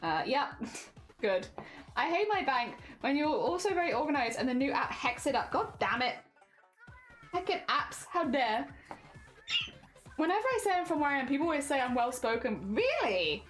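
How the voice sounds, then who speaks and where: A woman's voice: high-pitched, big pitch swings, normal speed, pauses often, a bit bright, faint music behind. A woman with a standard British accent, chatting casually on a stream while she works on a craft, rambling with restarts. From Hampshire, England.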